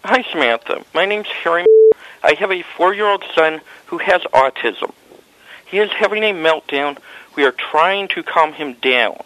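A man calling a hotel desk with a complaint, measured, deliberate and insistent. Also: on the high side, animated, sharp tone, no room sound, low-quality recording. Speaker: hotel guest caller. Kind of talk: phone complaint.

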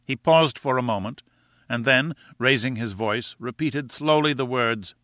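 A man reading a classic novel aloud in measured, expressive storytelling narration. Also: mid-range voice, dry recording, clean studio sound. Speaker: audiobook narrator. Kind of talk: scripted narration.

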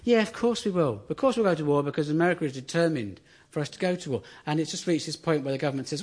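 A man's voice: a little high, sing-song, quick pace, breathy edge. A man doing a dry, self-mocking stand-up routine in front of a studio audience on a radio show. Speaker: stand-up comedian host. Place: theatre studio with live audience.

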